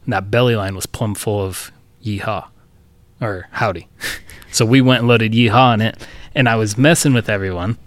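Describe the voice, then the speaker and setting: A man with a voice on the low side co-hosts a podcast, telling a workplace story in a loose, profane, chuckling way during a casual storytelling chat. He speaks at normal speed, and there is no echo.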